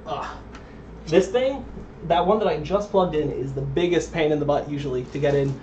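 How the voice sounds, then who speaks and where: Young man, casual stream chat, lots of ums, slightly high, muffled lo-fi mic. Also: normal speed, dark tone. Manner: rambling, chatty, self-interrupting with ums. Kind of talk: casual live-stream commentary while building a computer. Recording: dull lo-fi stream audio with faint noise.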